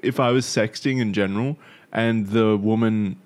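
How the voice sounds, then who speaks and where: A man's voice: lowish voice, fairly even intonation. A young man co-hosting a podcast, chatting casually in a joking, incredulous way. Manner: joking, incredulous, quick to laugh. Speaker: podcast co-host.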